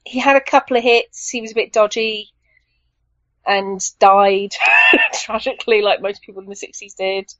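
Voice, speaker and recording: A woman's voice: mid-range voice, sing-song, normal speed, fairly bright tone, no room sound, lo-fi sound. A woman guest on a podcast, chatting enthusiastically and rambling with plenty of fillers. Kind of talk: casual chat.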